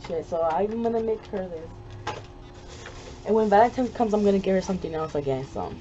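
A woman's voice: mid-range voice, quick pace, dark tone, lo-fi sound. A woman vlogger chatting casually while making a gift, easily frustrated and swearing often. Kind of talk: casual craft vlog chat. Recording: faint background noise.

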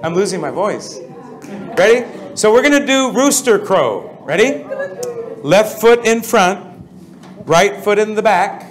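A man leading a prayer seminar as pastor, energetic and constantly asking the audience questions, with an American accent. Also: high-pitched, measured pace. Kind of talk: interactive seminar teaching.

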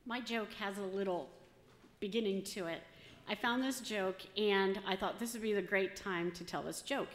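A woman's voice: medium pitch, normal speed. A woman telling a joke to a church congregation in a chatty, casual way. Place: church sanctuary. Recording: echoey church hall with long reverb.

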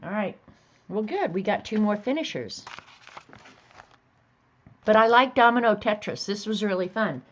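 A woman's voice: mid-range voice, expressive, unhurried, long pauses. Chatty woman on a dull lo-fi stream. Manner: chatty, laughs easily. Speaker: host. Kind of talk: casual livestream chat.

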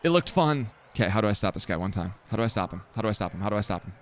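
A young man giving live commentary while playing a video game, swearing and repeating himself, sometimes breaking into yells. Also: fairly low pitch, rapid-fire, a little hiss or hum. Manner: swears and mutters the same phrase over and over; excitable, jumps into yelling.

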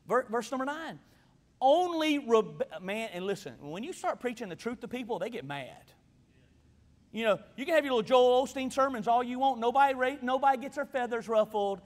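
A man's voice: very high-pitched, animated, normal speed. A man preaching a sermon in a church, fervent and repeating himself for emphasis. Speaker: pastor. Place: church sanctuary. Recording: long reverb of a church hall.

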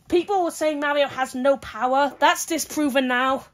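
A woman giving excitable play-by-play fight commentary, full of exclamations and counts. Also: high-pitched, moderate pace, slight background noise.

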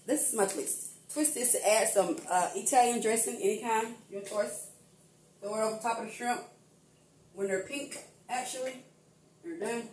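A woman's voice: a little high, a little mellow, a little hiss or hum. An older woman chatting casually to viewers as she cooks in her home kitchen, calling them y'all. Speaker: cooking vlogger. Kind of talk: casual home cooking vlog. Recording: echoey room, mic at a distance.

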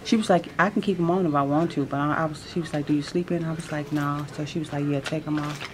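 Speaking quickly in a low, steady voice, this woman vlogs to a handheld camera at home and in a hospital pre-op room. She's nervous but chatty, slangy, and laughs often, with background noise throughout.

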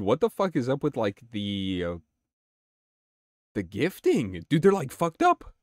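A young man chatting casually on his game live stream, excitable, swearing and reacting to chat. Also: on the high side, dry recording.

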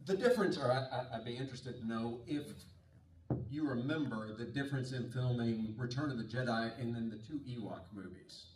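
A man in the audience asking a hesitant, soft-spoken question. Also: mid-range voice, a little fast, slight background noise. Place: convention hall. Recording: distant voice in an echoey hall.

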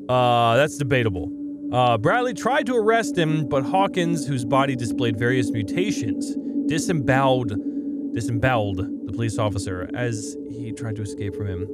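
A young man giving casual, excitable gameplay commentary, often swearing and saying dude. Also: mid-range voice, normal speed, heavy background noise. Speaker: let's play gamer. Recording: game music playing behind.

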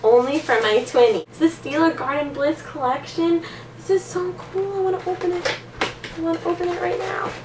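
A young woman unboxing makeup gifts in a casual vlog, excitable and gushing, gasping often. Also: very high-pitched, brisk, roomy sound, distant mic, background noise. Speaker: beauty vlogger.

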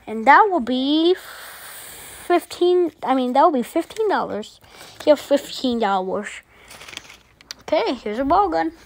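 Woman voicing a friendly giant shopkeeper, salesy, slightly high pitch, puppet skit. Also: animated, a little slow, pauses often. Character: friendly giant shopkeeper of a toy gun shop.

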